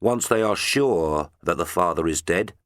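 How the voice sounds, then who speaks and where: Brief: low growling villain, played by a man, menacing and curt. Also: expressive, unhurried, a bit bright, no echo, clean studio sound. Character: scarred menacing male villain, snarling.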